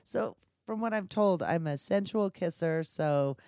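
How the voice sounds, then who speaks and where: Lowish voiced woman host, crude and frank, laughs a lot, dry close mic. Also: unhurried, dark tone, dry recording. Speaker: podcast host. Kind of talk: crude casual chat.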